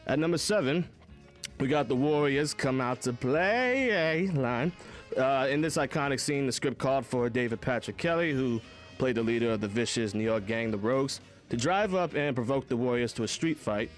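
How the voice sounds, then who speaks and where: A man's voice: mid-range voice, brisk, soft background music. A man co-hosting a college radio film show in the studio, chatting and presenting a countdown. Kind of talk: casual chat and read-out countdown.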